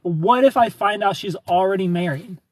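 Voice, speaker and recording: High-voiced, husky young man livestreaming. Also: moderate pace. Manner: animated, rambling with repeated phrases and laughs. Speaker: livestream host. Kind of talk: casual livestream chat reading comments.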